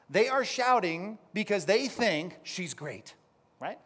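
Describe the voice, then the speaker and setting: A male pastor preaching a sermon, lively and teaching, often putting questions to the congregation. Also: sits high, slow, husky.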